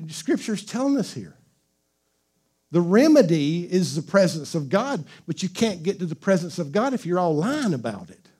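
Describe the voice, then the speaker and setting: A man's voice: high-pitched, darkish tone. A male pastor preaching a sermon in a conversational, joking style, with call-and-response to the congregation.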